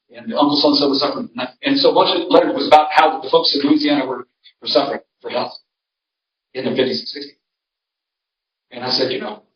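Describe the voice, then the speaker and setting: An older man pastor talks through a church seminar in a loose, storytelling way, often restarting his sentences. His voice sits a little high. It sounds roomy and dull, picked up from some distance in a church hall. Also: a little hiss or hum. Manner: conversational, storytelling, frequent restarts. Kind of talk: folksy seminar talk.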